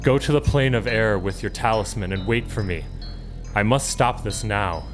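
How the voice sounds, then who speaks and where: A man's voice: fairly low pitch, faint music behind, lightly acted. A man doing a solemn elder woman. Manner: grave, measured.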